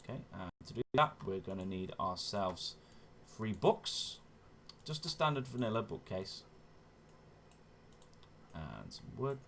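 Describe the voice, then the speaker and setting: A man with a low-pitched voice talks through his gameplay in a chatty, relaxed way, explaining each step. He often corrects himself mid-sentence and keeps up an easygoing commentary. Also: a little slow, gravelly, pauses often, slight background noise. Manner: chatty, self-correcting, often says "wonderful". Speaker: gaming channel host.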